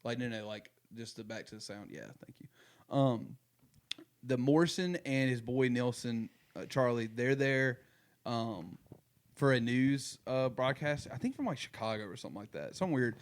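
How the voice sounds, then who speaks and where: Brief: young male podcast host of middle pitch, talking loosely and rambling through casual chat. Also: expressive, moderate pace. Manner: rambling, lots of fillers and restarts.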